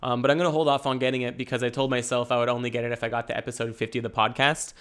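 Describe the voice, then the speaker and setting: A man's voice: medium pitch, flat delivery, racing, a bit bright, clean tone. A man hosting his own podcast, rambling and joking in a laid-back solo monologue. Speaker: podcast host.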